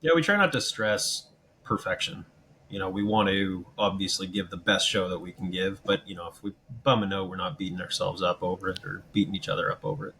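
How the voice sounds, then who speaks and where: Low-voiced male band member, even and unhurried in a casual interview, faint hiss behind. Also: vocal fry. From Canada. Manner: steady, thoughtful, many "um" and "you know".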